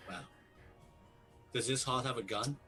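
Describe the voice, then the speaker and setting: A man's voice: mid-range voice, a little slow, pushed and bright, slightly rough, faint music behind, poor audio. A man playing a tabletop game, talking in an easygoing, earnest way. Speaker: player. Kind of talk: casual tabletop play.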